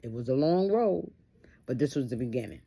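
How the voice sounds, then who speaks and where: Woman telling a personal story, gravelly, dark mellow tone, earnest and repetitive. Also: very deep voice, lively intonation, fairly quick. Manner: earnest, repeats phrases for emphasis.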